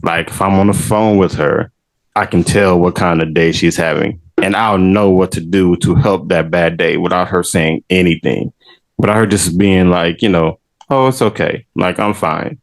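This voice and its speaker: A man with a very low voice chatting on a podcast, laid-back and full of jokes, laughing easily and dropping casual slang. His tone stays relaxed and easygoing. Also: normal speed, rough recording. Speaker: podcast host.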